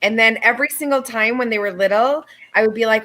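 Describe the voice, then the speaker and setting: A woman with a fairly high, bright voice tells wry family stories on a livestream, in a relaxed, easygoing manner. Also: fast talker. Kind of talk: casual livestream chat.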